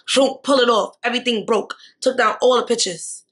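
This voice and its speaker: A young woman vlogger telling a storytime, animated and slangy. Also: fairly high pitch, moderate pace. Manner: animated, slangy, repeats tag questions. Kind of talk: storytime vlog.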